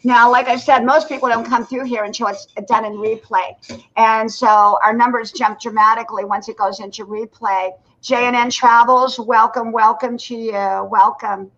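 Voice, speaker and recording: A woman's voice: a little high, fairly even intonation, moderate pace, a bit bright, highs cut off. An older woman hosting a casual live stream from her porch, chatty and greeting viewers by name. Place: home porch.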